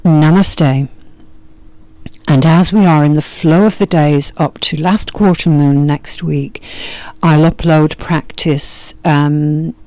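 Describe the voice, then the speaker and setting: A woman with a Yorkshire accent, a yoga teacher giving a gentle, meandering spiritual teaching talk. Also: low-pitched, fairly even intonation, takes it slowly, dry recording.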